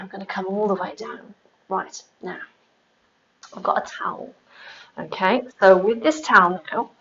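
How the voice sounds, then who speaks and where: A woman's voice: medium pitch, fairly bright tone, highs cut off, a little hiss or hum. A woman pilates instructor leading a live workout, counting reps aloud and chatting between exercises, a little out of breath. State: slightly out of breath. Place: home room with exercise mat.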